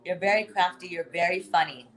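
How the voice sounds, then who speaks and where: A woman's voice: fairly low pitch, a little fast. A woman co-hosting a casual watch-party chat, gushing and blunt by turns. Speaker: co-host.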